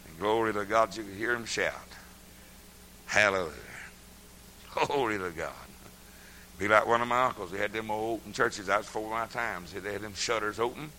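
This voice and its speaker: An older man preaching a sermon, folksy and laughing often, swinging from hushed murmurs to loud shouts. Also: fairly low pitch, normal speed, pauses often, slight background noise, low-quality recording.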